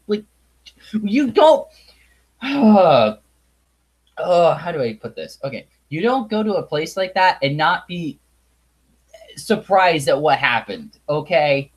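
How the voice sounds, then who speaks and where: A man's voice: sits high, low-quality recording. A man giving a blunt, exasperated review monologue, sighing and swearing and often restarting his sentences. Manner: halting restarts and repetition. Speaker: video reviewer.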